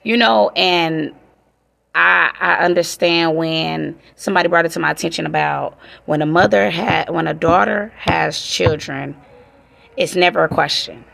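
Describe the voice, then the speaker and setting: Gravelly-voiced woman chatting candidly. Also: low-pitched, measured pace, fairly bright tone. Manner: candid, profane, emotional. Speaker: vlogger. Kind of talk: casual chat to viewers.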